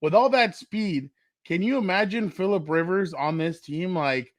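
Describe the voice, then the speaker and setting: A man co-hosting a casual sports podcast, lively and fond of spinning playful what-if scenarios. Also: sits high, moderate pace, dry recording, studio quality. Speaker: podcast co-host.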